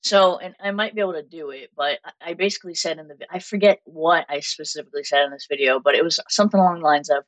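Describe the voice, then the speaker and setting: Low-voiced woman with Massachusetts accent. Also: fast talker, few pauses, rough recording. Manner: animated storytelling, laughs often. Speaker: guest makeup artist. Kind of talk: casual interview chat.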